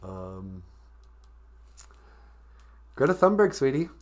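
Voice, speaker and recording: A man hosts a comic live stream, teaching short language phrases between jokes. He drawls slowly in a low register and mocks himself. His delivery is loose and playful. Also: big pitch swings. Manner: joking, drawling, self-mocking. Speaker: podcast host teaching Ojibwe.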